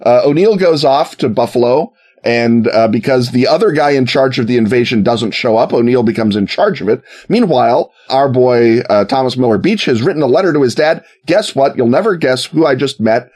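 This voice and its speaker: A man telling a history story in a casual, wry way, with joking asides and quick put-on voices for quoted people. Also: mid-range voice, lively intonation, darkish tone.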